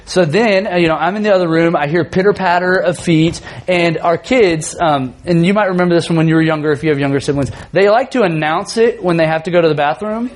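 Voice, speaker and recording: A man in his thirties, a youth pastor telling a funny family story in a sermon, animated and often laughing. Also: a little high, fast talker, hardly any pauses.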